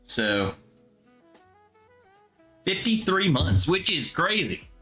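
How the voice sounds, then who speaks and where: Lively bright-voiced young man chatting. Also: a little high, soft background music. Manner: relaxed, chatty, drawn-out musing. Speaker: livestream host. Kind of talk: casual live chat reading comments.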